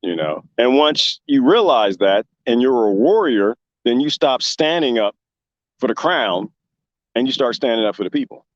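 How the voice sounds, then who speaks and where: A man's voice: medium pitch, moderate pace, dry recording. Impassioned man ranting, dry lo-fi sound. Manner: impassioned, rambling, with lively imitated quotes. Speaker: show host. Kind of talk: casual commentary.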